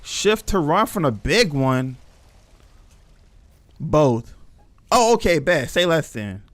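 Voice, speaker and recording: A man's voice: fairly high pitch, very animated, slow, fairly bright tone, dry recording. A young man streaming a horror game, reacting casually with slang and talking to his chat. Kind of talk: live gameplay commentary.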